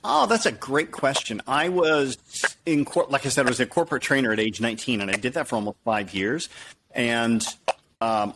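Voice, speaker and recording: Male interview guest, mid-pitched, animated storyteller who acts out quotes. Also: slight background noise. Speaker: guest, professional speaker. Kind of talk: conversational interview.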